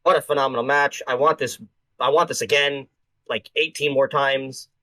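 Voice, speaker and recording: A man's voice: medium pitch, fairly even intonation, moderate pace, bright, forceful tone, rough recording. A man co-hosting a podcast, recapping wrestling in casual chat, swearing freely and acting out what the wrestlers said. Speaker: podcast co-host.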